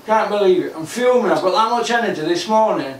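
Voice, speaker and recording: Brief: man, high-pitched, fuming solo rant, recorded off-mic in an echoey gym. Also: animated, fast talker, recorded from a distance, a little hiss or hum. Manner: exasperated, repetitive ranting. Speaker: boxing commentator. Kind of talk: ranting vlog monologue. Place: home gym.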